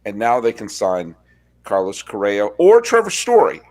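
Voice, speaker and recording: A man hosting a sports podcast, chatting casually and telling wry stories with quick asides. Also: lowish voice, wildly swooping pitch, darkish tone. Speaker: podcast host.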